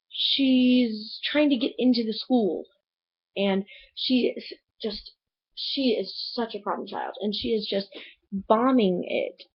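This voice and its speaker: A woman's voice: a little high, breathy edge, lo-fi sound. A woman reviewing a book in a casual vlog, rambling and chatty with lots of fillers.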